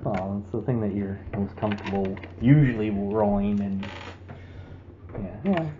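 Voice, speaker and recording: A man's voice: lowish voice, unhurried, noisy background. Wry man running a tabletop game. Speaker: game master. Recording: muffled phone recording with faint ambience.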